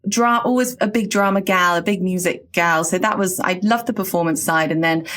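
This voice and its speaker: A woman's voice: fairly low pitch, fairly quick. A woman from the south of England with an English accent, a broadcaster chatting as a podcast guest and laughing through her stories. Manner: animated, laughing, does lively voices in anecdotes. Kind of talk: casual podcast chat.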